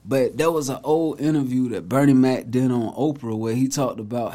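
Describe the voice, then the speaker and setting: A man's voice: medium pitch, moderate pace, hardly any pauses, dark tone. A man hosting a casual commentary video, talking in an emphatic, preachy, conversational way. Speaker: host, commentator.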